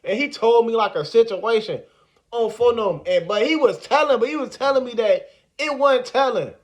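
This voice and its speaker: A man telling a story in a casual, animated, slang-heavy way, repeating the same filler words. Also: very high voice, moderate pace.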